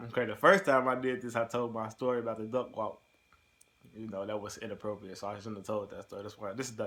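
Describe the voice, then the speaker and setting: Young male recruit vlogging into a camera mic, rambling and profane, mid-pitched. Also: a bit bright. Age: young adult. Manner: loose and profane, rambling with many fillers. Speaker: recruit in the delayed entry program. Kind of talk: casual video diary answering a question tag.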